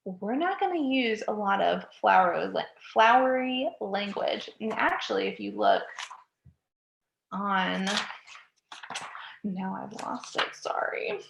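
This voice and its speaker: A woman instructor delivers a recorded writing lecture, pausing to check in with "okay?" and catching her own slips as she goes. She talks slowly, with a gravelly fry in her voice. The sound carries a noticeable room echo. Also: mid-range voice, very animated, lo-fi sound, slight background noise. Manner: checks in with frequent "okay?", corrects herself mid-sentence. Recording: echoey room.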